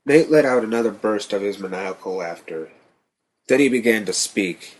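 A man reading a first-person horror story in a tense, steady manner. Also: lowish voice, moderate pace, husky. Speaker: narrator.

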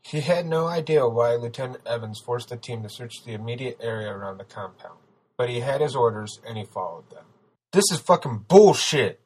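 A man reading a story aloud as narrator, steady and even. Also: mid-range voice, fairly quick, a little hiss or hum, low-quality recording. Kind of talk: audiobook narration.

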